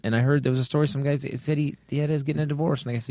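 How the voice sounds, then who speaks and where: A man hosting a comedy podcast, ranting in an animated, rambling way with many restarts. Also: medium pitch, fast, few pauses, dry recording, clean studio sound. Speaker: podcast host. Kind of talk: comedic political rant. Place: studio.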